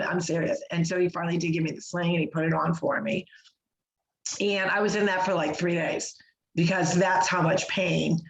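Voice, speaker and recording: A woman co-hosting a podcast, telling a long personal story in a chatty, animated way with lots of fillers and restarts. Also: fairly low pitch. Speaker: podcast co-host. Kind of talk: casual podcast chat. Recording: roomy echo.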